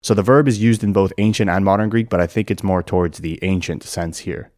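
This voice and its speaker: A man narrating an educational video and explaining things clearly and methodically. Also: sits low, fairly quick, a little mellow, dry recording, clean studio sound. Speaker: language explainer.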